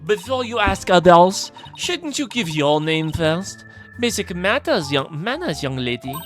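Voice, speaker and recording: A man's voice: sits high, big pitch swings, unhurried, faint music behind. A man voicing a haughty, pompous woman visitor with a put-on French accent, reading game dialogue aloud. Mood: scolding. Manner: pompous, theatrical and loud.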